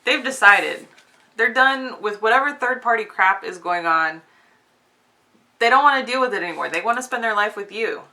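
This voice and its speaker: A woman's voice: fairly high pitch, expressive, moderate pace, bright, forceful tone, low-quality recording. A woman giving a casual collective tarot reading to her viewers, chatty and often breaking into giggles between cards. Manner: addresses viewers as y'all. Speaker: tarot reader.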